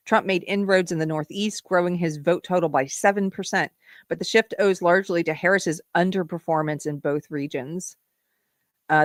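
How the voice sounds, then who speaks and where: A woman hosting a live political commentary show, sarcastic and animated, often breaking into laughter. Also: on the low side, no room sound, studio quality. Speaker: host.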